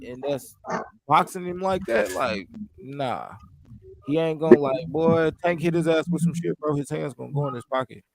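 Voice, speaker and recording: A man's voice: a little high, gravelly, heavy background noise. A man rambling through a casual boxing chat as a podcast panelist, restarting his thoughts mid-sentence.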